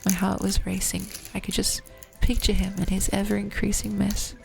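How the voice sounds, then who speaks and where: A woman reading first-person romance fiction aloud in an even, low-key way. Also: normal speed, vocal fry, soft background music. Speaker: reader.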